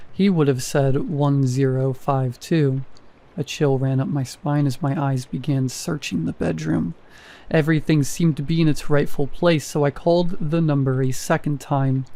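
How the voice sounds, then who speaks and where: A man reading a first-person horror story in a measured, even storytelling manner. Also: a little high. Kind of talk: scripted horror narration.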